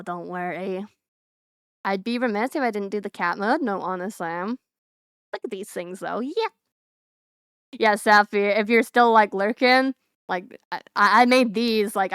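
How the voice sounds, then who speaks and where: A young woman VTuber chats casually and bubbly with her viewers on a live stream, talking straight to chat and giggling often. Her mid-range voice has a fairly bright, smooth tone, and the recording is clean studio sound with no echo.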